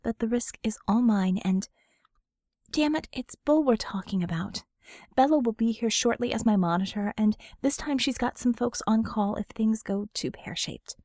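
A woman voicing a wry, sharp-tongued young woman in an audiobook, in a close, everyday voice. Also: on the high side, dry recording. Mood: earnest. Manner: wry, quick, sarcastic. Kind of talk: audiobook character voice.

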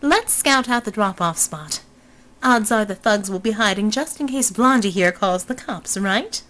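A woman's voice: mid-range voice, expressive, measured pace, sharp tone. A woman voicing a retired superheroine who talks in a brash, sardonic, wisecracking way.

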